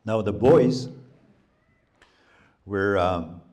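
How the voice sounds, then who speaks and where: A man from Canada telling a traditional folktale to a library audience, with a very deep and low voice. He speaks in an unhurried, halting way and fills his pauses with "you know" and "um". His telling feels plain and conversational rather than polished. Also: darkish tone, a little hiss or hum. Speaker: storyteller. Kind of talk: oral folktale storytelling. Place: public library talk.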